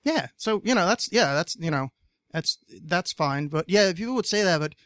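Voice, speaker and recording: A man's voice: sits high, expressive, normal speed, a bit bright, dry recording. A man from New Jersey hosting a casual podcast chat, rambling and profane, stammering through many restarts. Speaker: podcast host.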